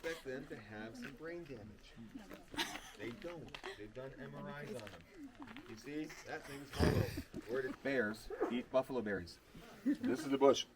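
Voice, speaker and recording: A man working as a wildlife tour guide, explaining things to his group and calling them folks. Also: medium pitch. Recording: dull noisy recording with vehicle sounds.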